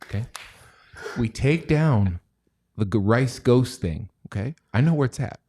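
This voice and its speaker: A chemist who hosts a stock show livestreams casually in a mellow, medium-pitched voice, animated yet a little slow. He rambles and jokes, sometimes dropping to near-whispers.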